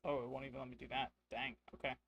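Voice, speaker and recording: Gravelly man narrating a solo tabletop game. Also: medium pitch, level tone, very fast, lo-fi sound, a little hiss or hum. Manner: rambling, thinks aloud to chat. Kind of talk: casual solo role-play narration.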